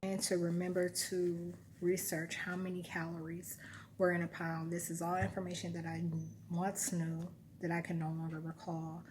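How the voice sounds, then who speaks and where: A woman with a fairly low voice talks to her camera in a loose, rambling monologue. She muses aloud and corrects herself mid-thought, with a faint hiss of background noise. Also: flat delivery, normal speed, a little mellow. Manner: musing, self-correcting, recounting memories. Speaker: vlogger.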